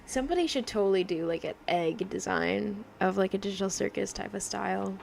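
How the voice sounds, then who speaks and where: A chatty young woman streams her drawing session. She rambles casually, laughs often and leans on fillers, and her accent drifts in a loose mix of mimicked ones. Her voice has a gravelly, fry-tinged edge over faint background ambience. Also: mid-range voice, brisk, a little mellow, a little hiss or hum. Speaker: digital artist livestreaming. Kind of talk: casual livestream chat while drawing.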